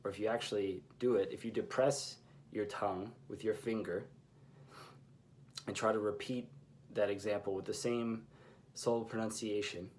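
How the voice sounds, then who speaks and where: A man teaching a language lesson, explaining pronunciation in a measured, patient way with pauses between phrases. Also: on the low side, a little hiss or hum.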